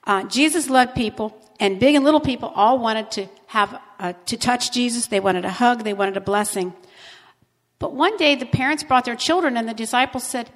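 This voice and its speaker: A woman with a fairly high voice leads a children's sermon, coaxing and gentle as she talks to little ones. Her voice carries a long reverb, as in a big hall. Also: normal speed.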